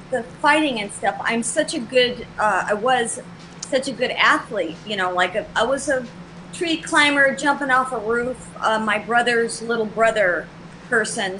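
A woman guest on a talk show telling a personal story in an animated way, acting out both sides of the dialogue. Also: fairly high pitch, a little hiss or hum, poor audio.

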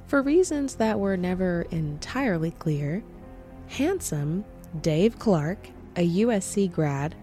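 Female podcast host, low warm voice, scripted true-crime storytelling.

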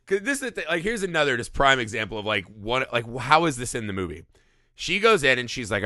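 A man's voice: medium pitch, big pitch swings, quick pace, sharp tone, no echo, clean studio sound. A man co-hosting a podcast, talking casually and profanely about a movie and acting out the lines he quotes. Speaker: podcast co-host. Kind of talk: casual movie review chat.

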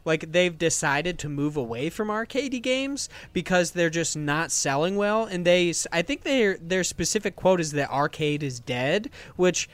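A man's voice: fairly high pitch, animated, normal speed, few pauses, fairly bright tone, no echo. A man hosting a games podcast, talking casually and with enthusiasm, with many fillers. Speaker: podcast host.

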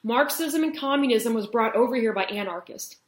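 A woman's voice: a little high, lively intonation, fairly quick, reverberant. A woman in her thirties hosting a solo political podcast, talking earnestly and repeating points for emphasis. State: has the hiccups. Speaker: podcast host.

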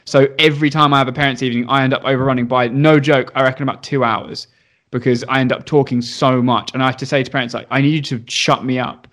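A man's voice: medium pitch, fast. A young man, a teacher, telling a story in casual chat, swearing and acting out the voices of the people in it. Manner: animated, swearing, acts out voices. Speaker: primary school teacher.

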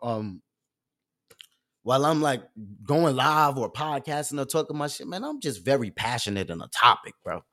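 A young man hosting a live stream, ranting with heavy slang and swinging from loud bursts to low asides. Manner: profane, streetwise slang. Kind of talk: animated rant on a live stream.

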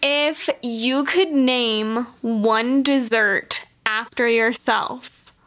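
Woman podcast co-host, slow unhurried talk, higher voice, playful and giggly. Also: fairly bright tone. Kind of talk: casual podcast chat.

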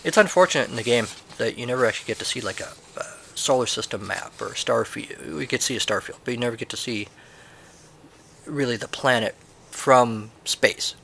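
A man's voice: medium pitch, a little fast, gravelly, a bit bright, slight background noise. A man reviewing a retro game, reading the manual aloud and breaking off with wry, sarcastic asides.

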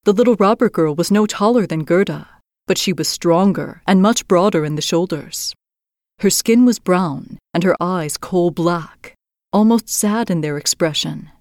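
Low-voiced woman reading a fairy tale. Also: no room sound, studio quality. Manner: measured, expressive reading. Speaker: storyteller host. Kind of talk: scripted storybook narration.

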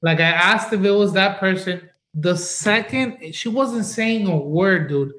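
A man, a paranormal investigator from Florida, telling stories casually in an animated way and swearing freely. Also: high voice, unhurried. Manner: animated, swears a lot, acts out voices in stories. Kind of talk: casual storytelling. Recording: echoey room.

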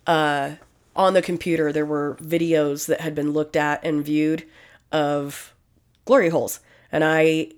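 A young adult woman with a lowish voice chats casually and crudely. She tells her stories bluntly, swears freely and laughs along. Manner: blunt, profane storytelling with frequent laughs.

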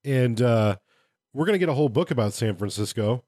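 A man's voice: medium pitch, animated, a little fast, darkish tone, dry recording, clean studio sound. A man co-hosting a podcast who reviews game books in casual chat and gives blunt opinions with plenty of fillers.

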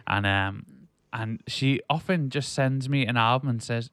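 Young male podcast host, chatty and playful, mid-pitched, dry close mic. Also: unhurried, a bit bright, smooth, no room sound. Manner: jokey, chatty, laughs often. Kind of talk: casual chat.

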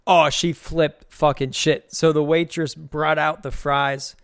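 A man's voice: on the high side, little pitch movement, slow pace, clear, resonant tone, no echo, studio quality. A man hosting a casual solo podcast, rambling through loose, profane, amused stories and opinions. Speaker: podcast host.

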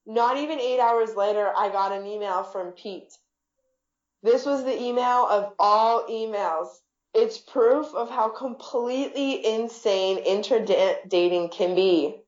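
A woman's voice: medium pitch, measured pace. Woman author, wry first-person fiction reading, echoey room, dull muffled sound. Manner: wry, lightly comic narration. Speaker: author reading her own novel.

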